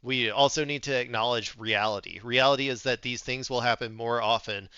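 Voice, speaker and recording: Sharp, crisp-voiced man heckling sarcastically. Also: mid-range voice, steady tone, a little fast, no room sound, lo-fi sound. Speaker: political commentary streamer. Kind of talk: casual reaction commentary.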